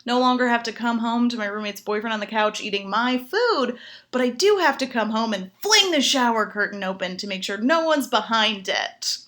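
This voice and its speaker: A woman's voice: fairly high pitch, moderate pace. A woman in her twenties from Chicago, performing a sarcastic stand-up comedy set. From Chicago, United States. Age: 20s. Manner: animated, sarcastic punchline delivery.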